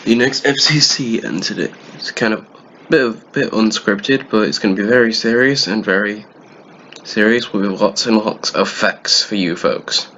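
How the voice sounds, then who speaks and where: A man with a lowish voice rambles through an unscripted prediction, stumbling and joking. His mic sounds dull and lo-fi, with faint noise underneath. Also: normal speed, pushed and bright. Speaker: video commentator.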